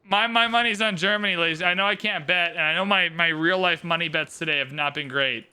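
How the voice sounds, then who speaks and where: A man commentating a live game stream, excitable and theatrical, swinging from shouts to mumbled asides. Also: a little high, fairly quick, clear, resonant tone. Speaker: livestream host commentating an AI game tournament.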